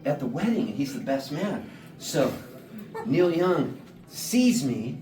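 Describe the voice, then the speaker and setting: A singer-songwriter telling a rambling comic story to a live audience, laughing and quoting people in voices. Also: male voice, fairly high pitch. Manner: laid-back, laughing, quotes people in voices. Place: small showcase room, live audience. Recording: roomy live room, mic at a distance, background noise.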